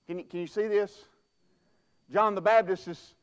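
Pastor, man, high voice, folksy, emphatic, stumbling restarts, sermon. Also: normal speed.

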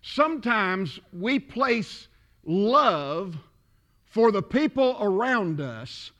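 Preacher guy, really high bright voice, goes from loud to quiet and chatty. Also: big pitch swings, drawn-out words. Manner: conversational preaching that swings between loud and quiet. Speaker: pastor. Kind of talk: sermon. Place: church.

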